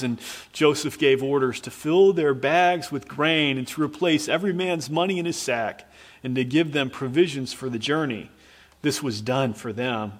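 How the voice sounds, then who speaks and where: A man's voice: mid-range voice, long reverb tail. A man preacher in earnest, dramatic storytelling mode, retelling a scripture scene with emphatic repetition.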